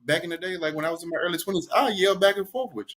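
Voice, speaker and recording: A man co-hosting a podcast in casual chat, frank and anecdotal, with a relaxed swagger. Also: high-pitched, rapid-fire. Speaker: podcast co-host.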